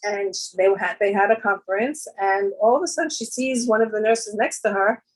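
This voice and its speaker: A woman with a husky, slightly breathy voice, telling anecdotes at a women's gathering. She talks in a loose, chatty way, full of fillers. She often lifts into animated voices for the people she quotes. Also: medium pitch, brisk, poor audio. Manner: conversational, with many fillers and jumps into quoted voices. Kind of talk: storytelling talk.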